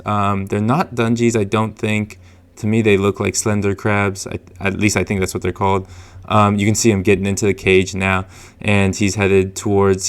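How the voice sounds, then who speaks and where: A man hosting a fishing channel, giving a casual, chatty voice-over with chuckles and many fillers. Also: lowish voice.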